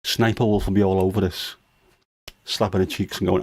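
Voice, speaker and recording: A man's voice: low-pitched, level tone, brisk, a little mellow. A middle-aged man hosting a casual livestream chat, teasing his daughter with jokey dad humor. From United Kingdom. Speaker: livestream host.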